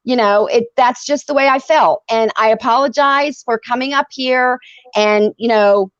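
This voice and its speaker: A woman guest on a live stream who speaks in a halting, apologetic way with many fillers. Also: a little high, no room sound. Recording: dry, dull lo-fi line.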